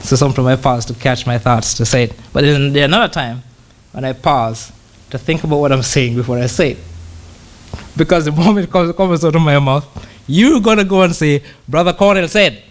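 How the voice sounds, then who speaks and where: A man giving a conversational sermon who pauses often, repeats words and slows down to read scripture. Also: mid-range voice. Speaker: church brother preaching.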